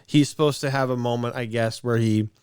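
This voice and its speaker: A man's voice: mid-range voice, fairly even intonation, a little mellow, clean tone, no echo, studio quality. Laughing man telling a backstage story. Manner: laughs often, quick storytelling. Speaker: podcast co-host. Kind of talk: casual chat.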